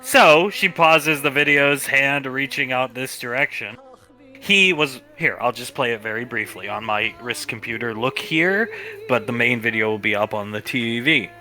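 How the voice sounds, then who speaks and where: A man with a mid-range voice serves as game master on a livestreamed tabletop role-play, narrating the scene in a relaxed way and tossing in quick character asides. Faint music plays behind him.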